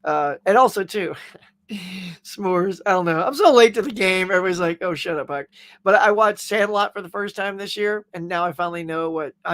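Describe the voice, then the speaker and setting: A man with a high, slightly bright voice talks a little fast on a casual pop culture show, the recording dry. As a podcast host, he chats and rambles through viewer comments, laughing often.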